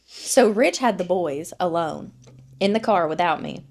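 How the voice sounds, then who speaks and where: On a podcast she co-hosts, a woman in her thirties chats casually about her family, acting out what people said and cursing freely. She speaks a little slowly in a fairly low voice.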